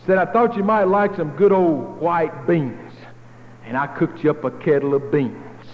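A preacher doing a folksy, eager neighbor. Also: male voice, fairly high pitch, measured pace, voice pushed up, close to an everyday voice. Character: kindly neighbor man, folksy, generous. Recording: tinny phone-like echoey hall.

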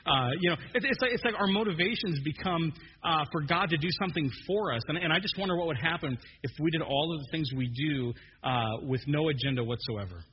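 A man's voice: a little high, fairly quick, slight background noise. Man preaching with humor in an echoey hall. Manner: joking, animated preaching with many restarts. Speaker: pastor. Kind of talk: sermon. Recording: dull muffled sermon recording in a long-echo hall.

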